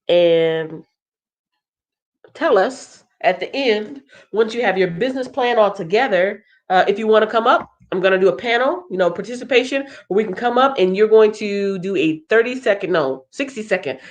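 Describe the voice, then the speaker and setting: A woman hosting a casual livestream walkthrough. She sounds congested and thinks aloud in a chatty way. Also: mid-range voice. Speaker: livestream host.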